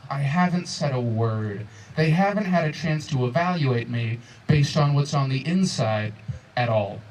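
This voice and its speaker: A man in his twenties doing a stand-up comedy set, telling stories with exasperated, animated crowd banter. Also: a little high, far from the mic, low-quality recording. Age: 20s. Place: comedy club stage before a crowd. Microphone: handheld stage microphone.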